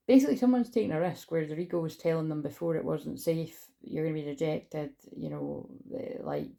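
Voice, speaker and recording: Woman, tarot reader, very low and heavily gravelly, mellow tone, rambling casual delivery. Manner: rambling, reads card texts aloud, swears casually. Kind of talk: casual spiritual tarot reading.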